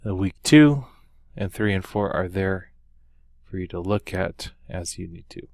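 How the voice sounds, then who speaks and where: A man's voice: low voice, expressive, a little slow, darkish tone, dry recording, studio quality. A man teaching a Spanish lesson, walking through the material unhurriedly with many ums and uhs and carefully sounded-out example words. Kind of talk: recorded lesson walkthrough.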